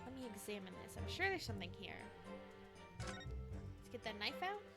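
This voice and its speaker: A woman's voice: a little high, big pitch swings, moderate pace. A woman casually commenting while playing a game, chatty and muttering to herself. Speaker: let's play host. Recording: loud game music behind.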